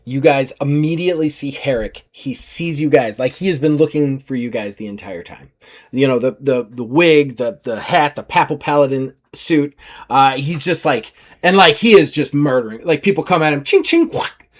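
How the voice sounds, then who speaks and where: A man narrating as game master of a tabletop role-playing game, animated and laughing, bursting into shouted character lines. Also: mid-range voice, moderate pace.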